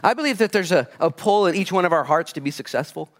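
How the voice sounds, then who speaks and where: A man's voice: high voice, fast talker. Conversational male pastor preaching. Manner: conversational storytelling, jumps between hushed asides and excited bursts. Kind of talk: sermon.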